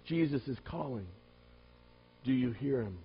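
A man preaching a sermon, firing rhetorical questions at the congregation and swinging between loud emphatic lines and quiet low asides. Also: animated, unhurried, husky. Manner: asks the listeners many rhetorical questions. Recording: dull lo-fi recording.

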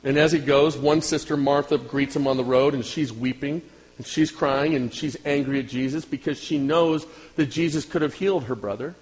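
A man preaching a sermon as pastor, talking directly to his congregation and swinging from loud outbursts to hushed lines. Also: medium pitch, steady tone, moderate pace, low-quality recording.

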